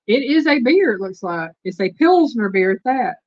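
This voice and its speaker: A woman's voice: fairly high pitch, big pitch swings, moderate pace, a little mellow, no room sound, muffled recording. Chatty Texan woman hosting live trivia. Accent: Texas Southern. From Texas. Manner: chatty, reading questions aloud and chatting with viewers. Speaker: host. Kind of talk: live stream trivia chat.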